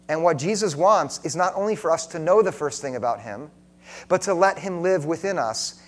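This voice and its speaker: Male preacher, slightly high voice, earnest and direct, questions the congregation, goes soft and intimate. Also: lively intonation, brisk. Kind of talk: sermon.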